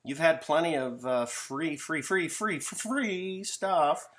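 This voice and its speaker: A man's voice: on the high side, expressive, slow, a bit bright, pitched above the performer's own voice. A man voicing a wealthy parent who scolds a grown child in an exasperated tone. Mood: scolding.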